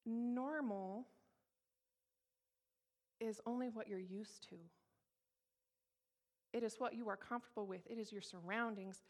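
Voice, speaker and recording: A woman's voice: a little high, steady tone, unhurried, long pauses. A woman in her thirties from Colorado, giving a candid, emphatic personal testimony to an audience and repeating her key phrases. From Colorado, USA. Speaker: speaker sharing her testimony.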